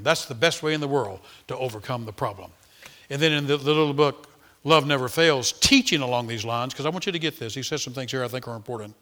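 A man preaching a sermon, retelling stories dramatically with sudden swings between loud calls and quiet asides. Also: medium pitch. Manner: dramatic storytelling with big swings of volume.

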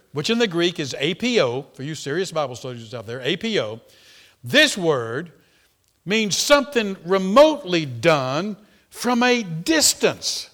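Male preacher, middle-aged, fairly high voice, emphatic sermon delivery, big swings in volume. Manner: emphatic, repeats words, rises and falls sharply in loudness.

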